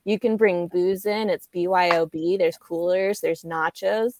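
A woman who works as a DJ and emcee, chatting casually as a podcast guest and hyping up events in a drawn-out way. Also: fairly low pitch, steady tone, darkish tone, slight background noise. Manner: drawn-out, hyped promoting of events. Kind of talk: casual chat.

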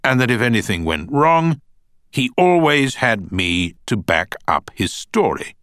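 A man voicing a cool male barrister, cross-examining in a measured, pointed way. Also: mid-range voice, big pitch swings, fairly bright tone, no echo, clean studio sound, pitched above the performer's own voice. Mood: probing. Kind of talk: audiobook character voice.

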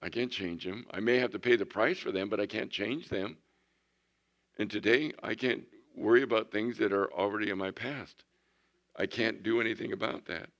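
A man in his sixties preaching a folksy sermon, swinging from loud bursts to hushed tones. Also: fairly low pitch, moderate pace. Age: 60s. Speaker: pastor.

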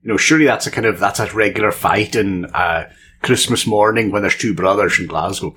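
A man's voice: on the low side, brisk, fairly bright tone, slight background noise. A man co-hosting a casual tech podcast, playful and enthusiastic, full of jokes. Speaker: podcast co-host. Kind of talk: casual chat.

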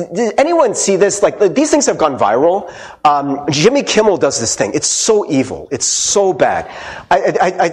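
Guy pastor preaching, pretty high voice that jumps all over, chatty and laughing a lot. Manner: animated, conversational, frequent "right?" asides; laughs often and acts out quoted voices. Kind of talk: sermon.

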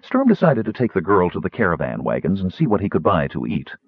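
Low, husky male audiobook narrator. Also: quick pace, dry recording. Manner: lively, expressive reading. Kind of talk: scripted narration. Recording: thin phone-like dry audio.

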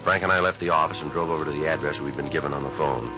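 A terse police detective, narrating the case and grilling suspects in a clipped, deadpan way in a 1950s radio crime drama. The voice is very deep and the delivery quick. It sounds like a dull, lo-fi old radio broadcast with music under it. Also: male voice. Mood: flat report. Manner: clipped, matter-of-fact, deadpan.

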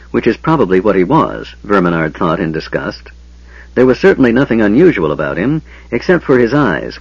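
Man, audiobook narrator, fantasy novel, lively pitch, husky, dry dull lo-fi recording. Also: no room sound. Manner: expressive, varied narration.

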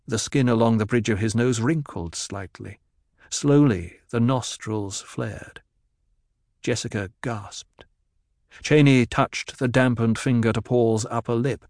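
A man reads a novel aloud in a measured, even way, his voice in the middle range for a man. The recording is close and dry, with no room sound. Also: mid-range voice, dry recording. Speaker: narrator. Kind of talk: audiobook narration.

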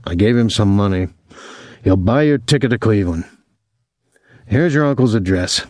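A man voicing a hard, gruff middle-aged father giving curt orders. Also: lowish voice, animated, moderate pace, darkish tone, no echo, clean studio sound. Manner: curt, commanding.

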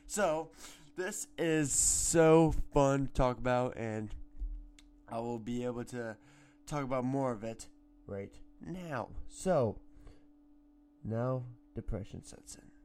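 A teenage boy hosting a casual solo sports podcast at home, rambling and excitable, sometimes breaking into shouts. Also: medium pitch, takes it slowly, clear, resonant tone. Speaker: podcast host. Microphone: home microphone.

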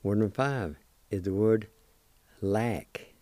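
Very slow, deliberate male language teacher. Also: fairly low pitch, dark tone, no echo. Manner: deliberate, spells letter by letter, repeats syllables. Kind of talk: slow spelling and pronunciation lesson.

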